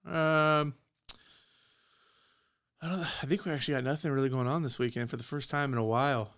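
A man in his thirties co-hosts a podcast, chatting casually and telling stories with animation while acting out quotes. His voice is medium pitch and his pace brisk.

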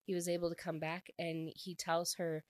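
Woman, low voice, casual rambling book recap, dry close sound. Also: little pitch movement, normal speed, no echo. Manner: rambling, frequent "like" fillers. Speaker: book reviewer.

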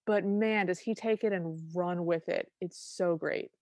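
A woman's voice: fairly low pitch, measured pace, a little mellow, dry recording, studio quality. A woman co-hosting a podcast, recapping a film in casual chat and acting out quoted lines with enthusiasm. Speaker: podcast co-host.

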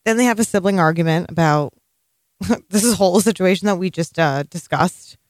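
A woman's voice: on the low side, no room sound, clean studio sound. A woman co-hosting a podcast in casual, rambling chat, full of strong opinions and swearing. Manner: chatty, profane, rambling, quick opinions. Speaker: podcast co-host.

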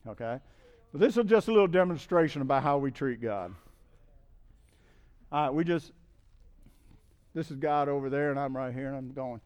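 A man's voice: a little high, brisk, pauses often, darkish tone, clear, resonant tone. Man preaching a plain-spoken sermon. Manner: conversational preaching, building to emphatic peaks; repeats "okay?" to check in with listeners. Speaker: guest preacher.

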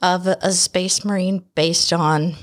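Lower-pitched woman co-hosting a podcast. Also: steady tone, unhurried. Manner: chatty, analytical, laughs often. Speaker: podcast co-host. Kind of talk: casual book club chat. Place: studio.

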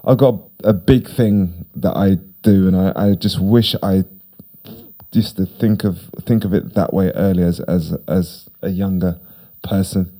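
A man's voice: sits low, steady tone, unhurried, dark tone. A middle-aged man, a podcast guest talking casually, rambling and repeating himself with emphasis. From United Kingdom. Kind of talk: casual conversation.

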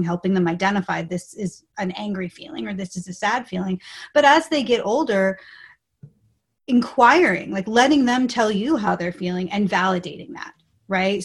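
A woman in her forties, a research guest on a podcast, explaining ideas in an upbeat way and lively when quoting. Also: medium pitch. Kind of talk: podcast interview.

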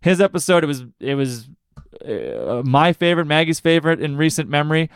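A young adult man hosts a podcast solo, rambling and poking fun at himself between fillers. His voice sits a bit high for a man, smooth and resonant. He is close on the mic in a dry space. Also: big pitch swings, a little fast, no echo. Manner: rambling and self-deprecating, lots of fillers. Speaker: podcast host. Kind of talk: casual chat.

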